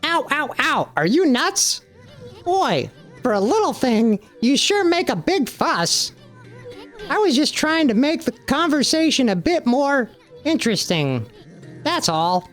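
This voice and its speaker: A man's voice: very high voice, very animated, measured pace, fairly bright tone, faint music behind, exaggerated voice. A man voicing a tiny, boastful male bug who calls himself a wandering artist, brash and bragging. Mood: cocky.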